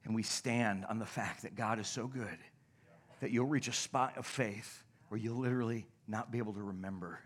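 A young adult male pastor preaching a sermon, telling stories animatedly and dropping to a hush at points. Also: on the low side, normal speed. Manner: animated, shouts and laughs in stories, drops to a hush. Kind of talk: sermon with storytelling. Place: church sanctuary.

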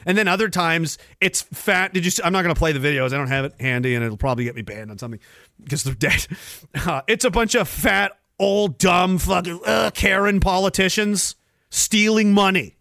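A man hosting a podcast, delivering a sarcastic, profane rant with loud outbursts. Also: sits high, fairly quick, vocal fry, dry recording, clean studio sound. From Canada. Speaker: podcast host. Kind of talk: angry ranting monologue.

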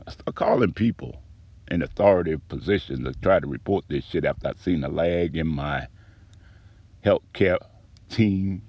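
Very deep-voiced man with a profane refrain. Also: normal speed, breathy edge. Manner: profane, aggrieved, swings between low mutters and loud outbursts. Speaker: storyteller recounting a personal grievance. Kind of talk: rhythmic spoken-word monologue with a repeated refrain.

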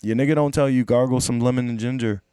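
A man's voice: mid-range voice, steady tone, fast talker, warm tone, clean tone, no room sound, studio quality. A man in casual podcast chat, profane and emphatic, pressing his point with rhetorical questions.

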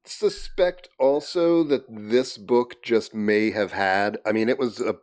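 A man's voice: lowish voice, slow pace, a little mellow. A man reading a horror novel aloud on a comedy podcast, breaking off to joke with friends. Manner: reads steadily, breaks off to laugh and comment. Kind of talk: reading aloud and casual banter.

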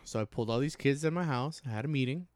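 A man co-hosting a casual podcast, telling a profane, animated story about coaching youth baseball. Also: medium pitch, fast talker, crowd noise.

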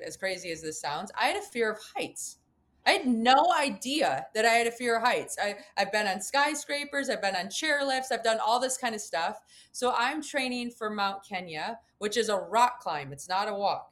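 A woman's voice: on the high side, a bit bright. A woman guest on a podcast interview, telling a personal climbing story and acting out her own reactions.

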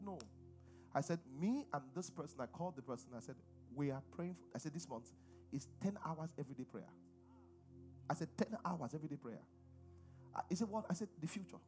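A man's voice: on the high side, a little mellow. A middle-aged man with a Nigerian accent preaching a sermon and calling on the congregation to respond. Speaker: pastor.

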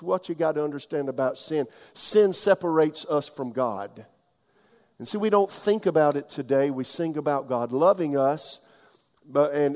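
A man's voice: a little high, darkish tone, long reverb tail. A man, a pastor from South Carolina preaching a sermon with folksy storytelling and questions to the congregation. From South Carolina, USA.

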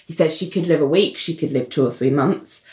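A woman co-hosting a casual chat, animatedly recapping a TV episode and acting out the characters' lines in quick voices. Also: low-pitched, a little mellow, reverberant. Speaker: podcast co-host recapping a TV episode.

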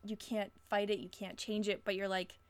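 A woman's voice: mid-range voice, little pitch movement, normal speed. A young woman co-hosting a podcast in casual chat, rambling with many restarts and fillers. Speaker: podcast co-host.

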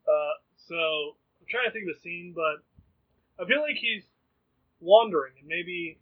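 A man's voice: sits high, measured pace. A man playing a tabletop role-playing game, joking and describing his character. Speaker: player. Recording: phone-like lo-fi audio.

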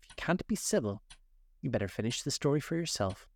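A man voicing a sleepy, sulky male dormouse with a hoarse, feeble voice. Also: mid-range voice, very animated, moderate pace, a little mellow. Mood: drowsy. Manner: drowsy, sulky storyteller.

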